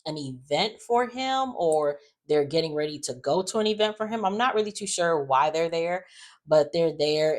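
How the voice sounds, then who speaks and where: A woman hosting a soap opera recap, chatty and opinionated with sassy asides. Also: low voice. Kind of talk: casual recap commentary.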